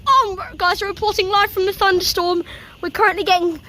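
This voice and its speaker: A very high-pitched woman speaks briskly as she films a thunderstorm outdoors for her vlog, gasping and crying out excitedly to viewers. This storm-chasing vlogger keeps exclaiming "oh my God" live amid rain, wind and thunder, recorded on a handheld or propped camera.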